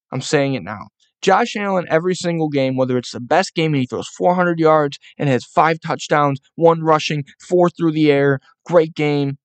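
A man hosting a casual sports podcast, ranting with profanity and frustration, now and then mocking in a high baby-talk voice. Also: no echo. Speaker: podcast host.

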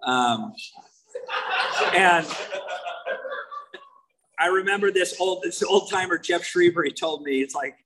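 A man's voice: sits high, slow, long pauses, sharp tone, rough recording. A man from the United States with a Californian accent, giving a candid, wry personal talk as main speaker at a recovery meeting.

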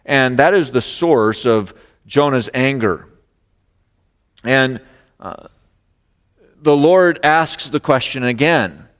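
A male pastor preaching a sermon, expressive, acting out the lines of the story. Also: mid-range voice, takes it slowly, long pauses, in a large hall. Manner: expressive preaching, acts out voices of God and Jonah.

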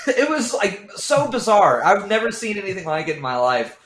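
A man tells a story in casual chat, swearing freely and acting out every quote. His voice sits high and bright. The recording is echoey, as if in a bare room. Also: normal speed. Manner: animated, profane, acts out quotes. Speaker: guest.

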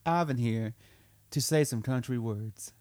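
A man's voice: mid-range voice, measured pace, darkish tone, no echo. Man hosting a comedy sketch; coaxing and repetitive; dry, close sound. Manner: persuasive, coaxing, repeats himself.

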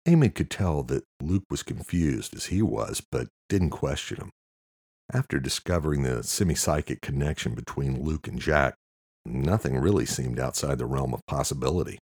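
A male audiobook narrator with a deep, husky, slightly mellow voice reads scripted narration. The recording is dry and sounds clean, like a studio.

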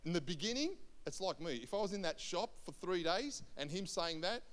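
A man's voice: high voice, fairly quick, smooth. A man, a senior pastor telling a Bible story in a sermon, acting out the voices of people in it. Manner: animated storyteller, acts out voices in quotes. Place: church hall. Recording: long hall reverb.

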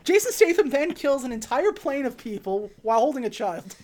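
A woman's voice: sits high, brisk. Young woman retelling a movie. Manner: animated retelling, acts out quotes. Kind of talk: casual chat.

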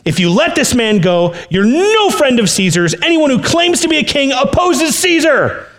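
A man voicing an angry crowd of accusers, yelling and insistent. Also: very high voice, very animated, normal speed, pitched above the performer's own voice, exaggerated voice. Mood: shouting.

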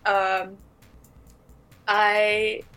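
A woman's voice: medium pitch, completely flat delivery, very slow, pushed and bright, clean tone, faint music behind, rough recording. A woman as a player in a tabletop role-play, talking playfully with fillers.

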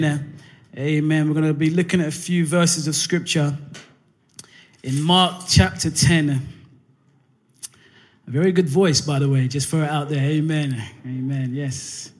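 High bright-voiced preacher calling for amens. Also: male voice. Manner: energetic, jokey, calls for amens, many fillers. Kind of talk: church sermon with call and response.

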